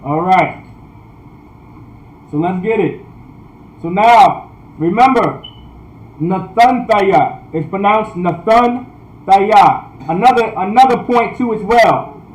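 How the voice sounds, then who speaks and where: A man teaching a language class online, repeating points, often asking "all right?", and sounding out words slowly. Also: high-pitched, expressive, roomy sound, rough recording. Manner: repetitive, checks in with "all right?"; restarts sentences often. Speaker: priest.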